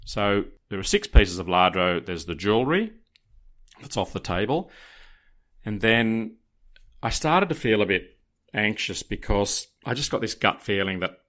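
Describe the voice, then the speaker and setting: A man, telling a dramatic personal story to podcast listeners in a casual, animated way. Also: lowish voice, a little slow.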